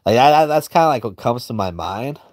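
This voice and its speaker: A man's voice: medium pitch, animated, brisk, a little mellow, no room sound, clean studio sound. A man streaming and drawing as he comments in a crude, heavily profane, rambling way. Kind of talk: casual commentary while drawing.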